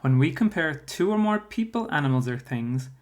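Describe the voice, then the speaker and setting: A man's voice: on the high side, lively intonation, moderate pace. A primary school teacher talks a class through a spelling workbook. He explains patiently and steadily, dropping in fillers as he thinks. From Ireland.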